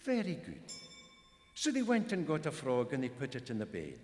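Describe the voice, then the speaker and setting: A man's voice: mid-range voice, wildly swooping pitch, moderate pace, slight background noise. A Scottish man tells an old folk tale in a homely, rambling way, his voice rising and falling with a lot of life. He is recorded live in a concert hall with a long, rolling reverb and faint room ambience. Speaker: storyteller. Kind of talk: traditional folk tale telling to a live audience.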